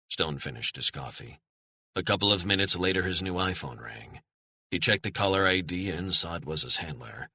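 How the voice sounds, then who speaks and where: A man narrating a thriller audiobook in a measured, steady storytelling manner, on a close studio mic. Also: deep voice, breathy edge, no room sound.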